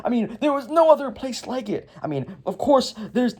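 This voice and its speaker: A man voicing a brash, show-off male ninja supervillain from an animated toy movie, with a loud boastful drawl. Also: extremely high pitch, normal speed, voice pushed up, heavily acted. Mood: wistful.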